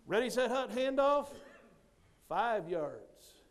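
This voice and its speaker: High-voiced animated male storyteller. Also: moderate pace. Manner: animated storyteller who acts out others' lines. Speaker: motivational speaker. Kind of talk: storytelling speech.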